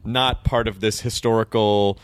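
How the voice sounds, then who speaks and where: A man's voice: on the low side, steady tone, measured pace, clear, resonant tone, dry recording. A man from the United States hosting a casual interview, talking loosely, joking and often hesitating. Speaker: host.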